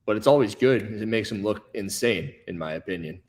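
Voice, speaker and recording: A man's voice: on the low side, brisk, a little mellow. A man, a podcast guest, telling a story in casual chat and stammering through restarts. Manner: storytelling, acts out other people's voices.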